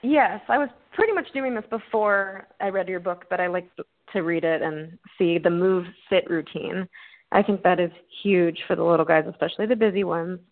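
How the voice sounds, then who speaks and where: A woman's voice: fairly low pitch, normal speed, narrow, tinny audio. A woman guest, a speech therapist, answering casually in a friendly way and laughing often.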